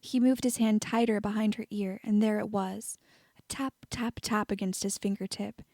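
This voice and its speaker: A woman reading fan fiction aloud as an audiobook narrator, steady and even. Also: mid-range voice, normal speed, no echo, studio quality. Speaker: audiobook reader.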